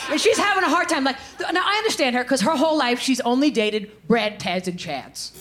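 A woman performing a stand-up set, animated and acting out characters in quick quoted voices. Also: high-pitched. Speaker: stand-up comedian.

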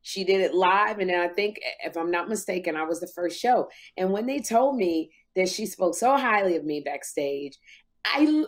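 A woman in her fifties hosting a talk show, telling stories in an animated, emotional way. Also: on the low side, normal speed, hardly any pauses. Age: 50s. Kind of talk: casual podcast chat.

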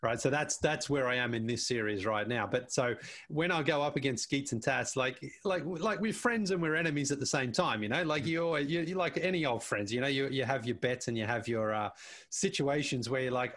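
Male podcast guest, mid-pitched, rambling and chatty, slips into quoted voices. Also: brisk, a bit bright. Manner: chatty, repeats words, acts out quoted speech. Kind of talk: casual conversation.

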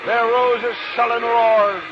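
A man's voice: flat delivery, measured pace. Man declaiming verse on old radio. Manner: declamatory, swinging from booming shouts to hushed, somber tones. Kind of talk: dramatic recitation of verse. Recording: hissy, muffled old radio recording.

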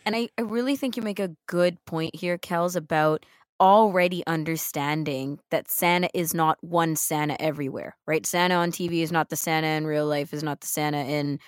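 An upbeat woman co-hosting a talk segment, emphatic and chatty, often checking in with her listener as she goes. Her voice sits a little low for a woman. It is recorded dry and close. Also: fairly even intonation, moderate pace, clear, resonant tone, dry recording. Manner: upbeat, lots of "right?" and "like", emphatic. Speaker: co-host. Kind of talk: casual chat.

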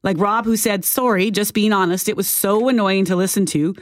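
A woman's voice: mid-range voice, fairly even intonation, a little fast, no room sound. Woman, talk radio co-host, mid-range voice, thoughtful and questioning, close dry studio mic. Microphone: studio microphone.

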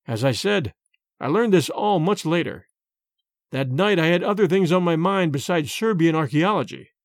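Male audiobook narrator, measured storytelling, lively pitch, dry close sound. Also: no echo. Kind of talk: scripted first-person narration.

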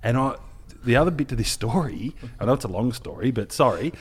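An Australian man in his thirties telling a long funny story in casual podcast chat, jumping into loud quoted voices. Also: mid-range voice, expressive, a little fast, breathy edge.

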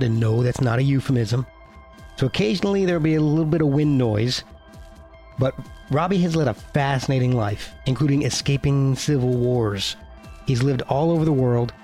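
A man's voice: mid-range voice, a little mellow. Chatty male podcast host. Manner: chatty, joking. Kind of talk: casual podcast intro and chat.

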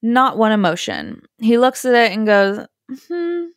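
A woman hosting a podcast, telling a story casually and acting out the quotes in hushed or high voices. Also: lively intonation, normal speed, clear, resonant tone, dry recording, studio quality. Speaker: podcast host.

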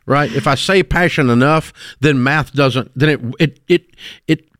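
A man's voice: on the high side, a little slow, a bit bright, dry recording, studio quality. A middle-aged man hosting a call-in radio show, blunt and emphatic as he lectures listeners about money mistakes. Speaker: radio talk show host.

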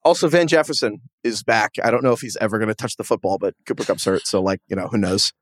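A man co-hosting a sports podcast in casual chat, animated and chatty and quick to laugh at himself. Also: lowish voice, no room sound, studio quality. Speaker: podcast co-host.

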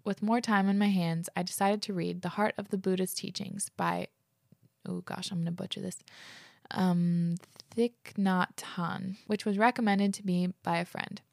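A woman's voice: mid-range voice, fairly even intonation, normal speed, vocal fry, dry recording, clean studio sound. A woman hosting a podcast, chatting casually and reading listener letters aloud, gushing and saying "like" often. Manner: gushing, fills speech with "like". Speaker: podcast host.

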